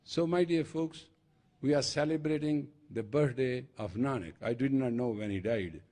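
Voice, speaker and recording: A man's voice: medium pitch, normal speed, mellow. An older man with an Indian accent, a spiritual teacher giving an emphatic storytelling sermon. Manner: storytelling with acted dialogue, emphatic. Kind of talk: lecture sermon.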